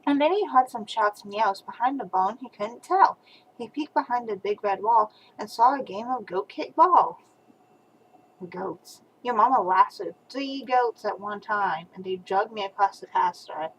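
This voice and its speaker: An older woman, a grandmother, reading a rhyming picture book aloud to a small child over a webcam, with soft asides between verses. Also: mid-range voice, lively intonation, normal speed, a little hiss or hum, low-quality recording.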